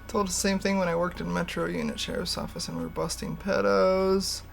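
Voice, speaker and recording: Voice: mid-range voice, little pitch movement, a little fast, vocal fry, soft background music. A livestream host chatting casually, rambling and candid, laughing often and swearing freely. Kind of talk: casual stream chat.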